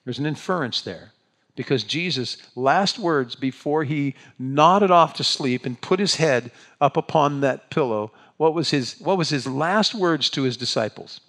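A man preaching a conversational sermon in a church, leading his congregation in call-and-response and moving between hushed pauses and lively outbursts. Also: on the high side. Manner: dramatic pauses, swings from hushed to animated. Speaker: pastor.

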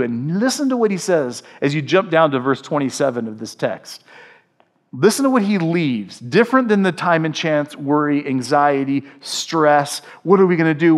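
A male pastor preaching a sermon to a congregation, animated, acting out quoted voices and asking the listeners questions. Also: on the high side. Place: church before a congregation.

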